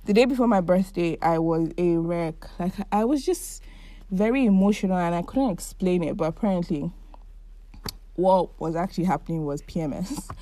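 A young woman in her early twenties hosts her own podcast, talking to listeners in a warm, chatty, heartfelt way. Her voice sits a little low and sounds soft and mellow, and the recording is dry and close. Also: moderate pace, no room sound. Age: 20s. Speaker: podcast host. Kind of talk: casual solo monologue.

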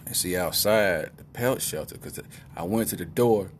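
A middle-aged man tells a funny personal story in a loose, rambling way, full of asides and quick check-ins with his listener. His voice sits fairly low, with a faint rumble underneath.

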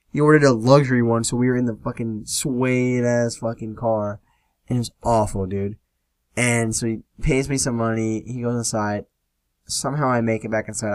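A man's voice: mid-range voice, no echo. Profane young man telling stories, dry sound. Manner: rambling, profane and laid-back. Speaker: podcast host. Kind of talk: casual solo storytelling.

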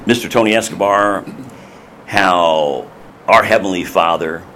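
A man hosting a Christian podcast, exuberant and bursting with praise and excitement. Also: deep voice, a little slow, a little hiss or hum. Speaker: podcast host. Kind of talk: enthusiastic Christian podcast chat.

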